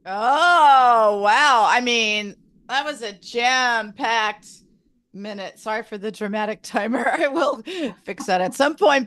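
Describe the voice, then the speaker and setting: As host and timekeeper of an online improv game, a woman playfully announces timed rounds and laughs with the players. She speaks over a video call in a slightly high, somewhat bright voice.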